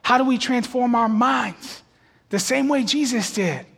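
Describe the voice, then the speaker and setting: A man preaching a sermon, telling a story and rising to loud shouted peaks before a laughing congregation. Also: extremely high pitch, measured pace, vocal fry, husky, long reverb tail.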